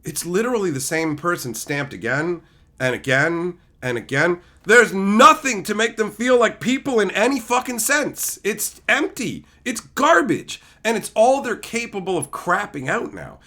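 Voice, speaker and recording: A man's voice: sits high, expressive, measured pace, sharp tone. A man streaming, giving a heated, profane rant full of insults. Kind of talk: ranting stream commentary.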